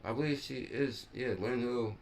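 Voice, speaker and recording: A man hosts a casual live stream and talks loosely off the cuff. He rambles, trails off mid-thought and doubles back to correct himself. His voice sits at an ordinary middle pitch. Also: moderate pace, gravelly, a little hiss or hum. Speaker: crypto live stream host.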